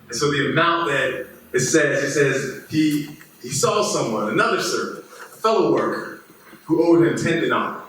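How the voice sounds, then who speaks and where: A pastor preaching in a relaxed, storytelling way. He is a man with a fairly high voice, recorded from some distance in a hugely echoing space. A faint noise sits under his words. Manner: retells scripture as a casual, modern-day story. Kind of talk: sermon. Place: church hall. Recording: very echoey room, distant mic, faint noise.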